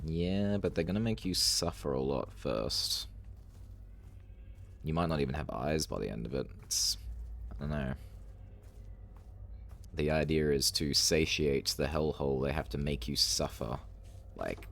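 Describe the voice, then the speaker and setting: Male streamer, very low, gravelly tone, wry casual commentary. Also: a little slow, pauses often, fairly bright tone. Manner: wry, chatty, reacting aloud. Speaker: streamer playing a horror game.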